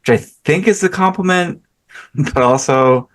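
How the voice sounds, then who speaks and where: A man's voice: fairly high pitch, measured pace. A man who is a comic book writer, chatting casually in an interview in a wry, modest way.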